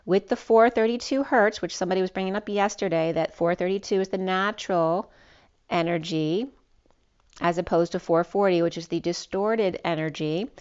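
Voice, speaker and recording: Lower-voiced woman giving a rambling tarot reading. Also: normal speed, darkish tone, clean tone, dull audio. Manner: rambling, with frequent restarts and ums. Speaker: tarot reader. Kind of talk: spiritual tarot reading monologue.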